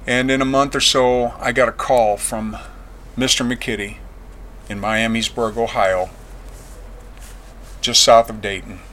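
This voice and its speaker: A man's voice: medium pitch, steady tone, unhurried, pauses often. Earnest man telling his testimony. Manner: earnest, plain-spoken, dropping quiet on painful memories. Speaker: veteran giving testimony. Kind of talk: personal testimony storytelling.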